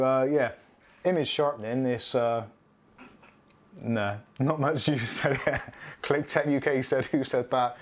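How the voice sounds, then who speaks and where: A middle-aged British man hosting a casual live stream, rambling chattily and reading out viewer comments. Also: mid-range voice.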